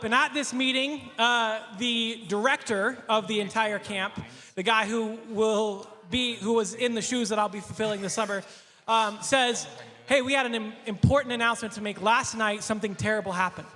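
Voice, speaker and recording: A male pastor telling a casual anecdote, animated, laughing often and acting out the quotes. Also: very high-pitched, in a large hall.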